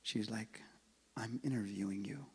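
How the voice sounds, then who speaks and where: Male speaker giving a religious talk, husky, moving from loud calls to hushed asides, in a long-reverb hall. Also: lowish voice, a little slow. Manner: swings from loud calls to hushed near-whispers; acts out both sides of a story. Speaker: speaker at an Islamic center.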